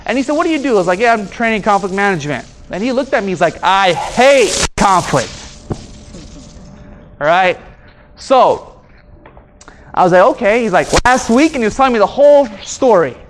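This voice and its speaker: A man's voice: high-pitched, fast talker, background noise. A man giving a motivational training talk to an audience about conflict, acting out the people in his stories. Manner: animated, acts out dialogue with voice changes. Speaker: speaker and trainer.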